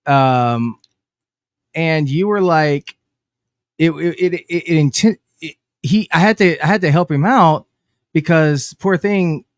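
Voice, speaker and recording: A man in his thirties co-hosting a casual talk stream. He is animated and teasing, and often stammers and restarts his sentences. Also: fairly high pitch, slow, no echo, clean studio sound. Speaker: co-host. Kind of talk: casual chat.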